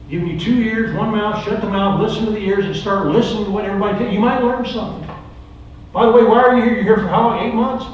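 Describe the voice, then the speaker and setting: Brief: middle-aged male preacher, high voice, repetitive rhetorical style, distant mic in a very echoey room. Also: fast talker, muffled recording, slight background noise. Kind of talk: recovery ministry sermon.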